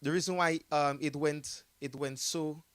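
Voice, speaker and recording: A man's voice: fairly high pitch, steady tone, a little slow, fairly bright tone, dry recording. A man with a Jamaican accent telling a story in a casual interview, rambling with many fillers and frequent laughter. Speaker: artist telling his story as a guest.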